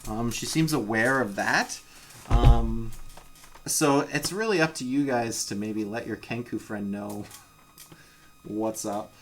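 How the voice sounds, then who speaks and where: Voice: medium pitch, slow pace, a little hiss or hum. A dungeon master chatting with the players on a live stream, laughing often and talking loosely. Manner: chatty, laughs easily, lively. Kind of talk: running a tabletop game on a live stream.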